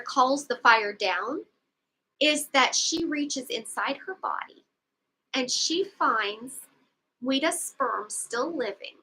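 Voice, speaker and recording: Woman, book club co-host; high bright voice, easygoing slow recap, casual asides. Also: breathy edge, rough recording. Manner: rambling plot recap with frequent asides and laughter. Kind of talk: casual book discussion livestream.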